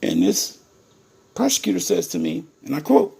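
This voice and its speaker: A man with a high, gravelly, husky voice tells his own story to his viewers. He is indignant and emphatic, keeps calling out to them and repeats words for stress. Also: huge pitch swings, normal speed, warm tone.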